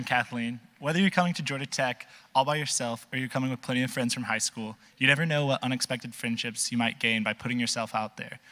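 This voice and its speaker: A man hosts a campus event, reading prepared remarks quickly and briskly. His voice is bright and forward. A long hall reverb trails behind every phrase. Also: mid-range voice. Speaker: event host. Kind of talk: scripted stage hosting.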